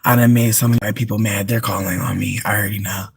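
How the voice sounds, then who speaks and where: A livestreamer in a casual rant, full of swearing, dropping to low mutters and then bursting into shrieking laughter, talking from inside a car. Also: little pitch movement, quick pace, gravelly, breathy edge, no room sound.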